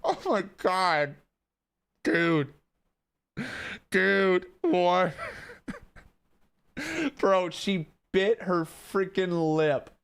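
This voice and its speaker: A man's voice: sits high, extremely slow, long pauses, smooth. A young man hosting a live watch-along stream, chatting to his viewers and often breaking into laughter. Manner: excitable, laughs a lot, talks to chat as "guys" and "bro". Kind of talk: casual live-stream commentary.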